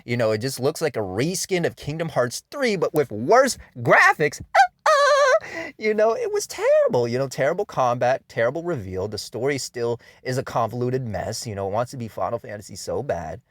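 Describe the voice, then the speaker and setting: A man's voice: medium pitch, sing-song, a little fast, few pauses, fairly bright tone, dry recording, clean studio sound. A man giving an angry, profane rant about video games, full of exasperated "you know" and "man". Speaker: video game commentator. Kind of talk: angry ranting commentary.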